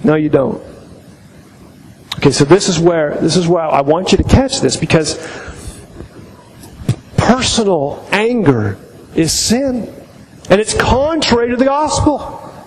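A man's voice: high voice, sing-song, measured pace, pauses often. A man preaching a sermon, emphatic, often repeating his key phrases. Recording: echoey hall, faint background noise.

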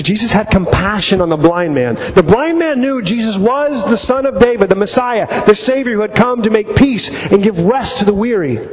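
A middle-aged man preaching a sermon as pastor, halting and repeating words as he tells stories. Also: high-pitched. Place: church. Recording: long reverb in a hall, faint noise.

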